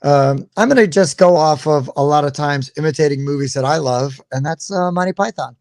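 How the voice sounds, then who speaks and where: A man hosting a casual live show, chatting in a relaxed, hesitant way. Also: fairly high pitch, fairly quick, no room sound, clean studio sound. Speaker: host.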